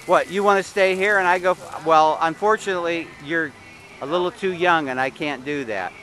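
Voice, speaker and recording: A man's voice: fairly high pitch, fairly quick, pushed and bright, soft background music, poor audio. A man filming a child at an outdoor water park on a handheld camera, chatting and teasing playfully. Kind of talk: casual home video narration. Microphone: handheld camera mic.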